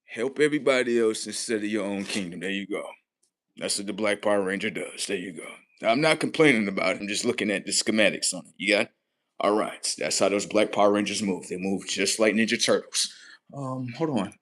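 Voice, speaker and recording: A man hosting a livestream, swearing heavily in a mocking rant that swings between loud high outbursts and low muttering. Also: brisk. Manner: heavy swearing, mocking, talks at the audience. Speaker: livestream host.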